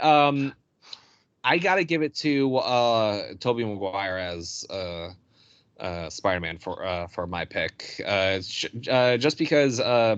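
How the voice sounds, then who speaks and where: A man co-hosting a casual podcast chat, talking hesitantly with many pauses and restarts. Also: on the low side, dry recording, lo-fi sound. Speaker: podcast co-host. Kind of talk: casual chat over a call.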